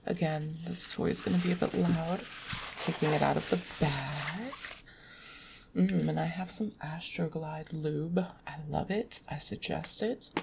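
A young woman in a whispered adult audio monologue, speaking slowly and intimately straight to her listeners from a chair at home. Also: low voice, steady tone, background noise. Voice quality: breathy whisper. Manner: slow, intimate, addresses listeners directly.

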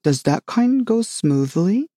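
A reader voicing a solemn, rambling knight who loves his inventions, speaking gravely and earnestly in a storybook reading. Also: medium pitch, normal speed, mellow, dry recording, studio quality.

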